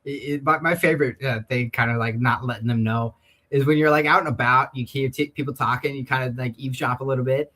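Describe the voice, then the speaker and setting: Man, rapid talker, mid-pitched voice, filler-heavy casual chat. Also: fairly even intonation, sharp tone. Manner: quick, hedging with lots of "like". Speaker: Spanish coach. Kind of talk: casual conversation.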